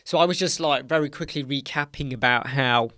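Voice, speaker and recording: A man's voice: medium pitch, a little fast, pushed and bright, no room sound, clean studio sound. A tired British man hosting a live Q&A stream, explaining things casually with rambling self-corrections. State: tired, yawning. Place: dark home studio with soundproof panels.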